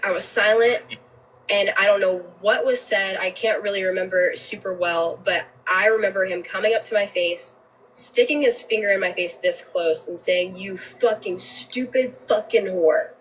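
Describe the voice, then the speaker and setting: A woman's voice: medium pitch, fairly even intonation, normal speed, fairly bright tone, distant mic, slight background noise, rough recording. A woman telling a personal story on a livestream, emotional and candid, swearing freely and often restarting her sentences.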